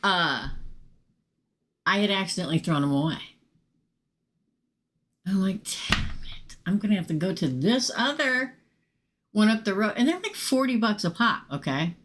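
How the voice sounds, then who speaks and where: A middle-aged woman, telling a casual, animated story to viewers during a live tarot reading stream. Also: medium pitch, moderate pace, slight background noise. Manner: chatty, animated, swears casually and talks straight to viewers. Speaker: tarot reader hosting a live show.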